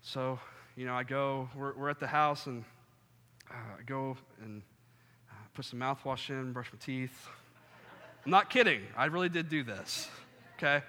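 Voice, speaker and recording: A young man preaching a sermon, telling funny stories and acting out scenes with sudden loud outbursts. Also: mid-range voice, unhurried, pauses often. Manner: animated, jokey, acts out scenes with sudden loud bursts. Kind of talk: sermon with storytelling. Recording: long hall reverb.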